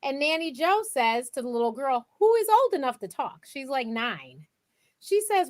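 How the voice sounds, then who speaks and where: Guest author, young woman, bright higher pitch, lively anecdotal delivery. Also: moderate pace. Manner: animated storyteller, acts out quotes. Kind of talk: casual interview chat.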